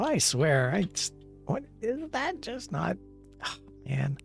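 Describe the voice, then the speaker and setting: A man streaming casually, his gravelly voice swinging widely in pitch as he laughs and rambles. He reads viewer messages aloud and pokes fun at his own mistakes, with faint music playing behind him. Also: sing-song, takes it slowly. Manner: self-deprecating, rambling. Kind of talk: casual live-stream chat.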